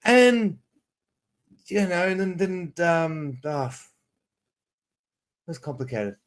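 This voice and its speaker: A man's voice: on the high side, expressive, slow. A man in his thirties, an English teacher chatting casually on a livestream, rambling and restarting sentences as he reads prompts aloud. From South Africa. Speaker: ESL teacher and streamer.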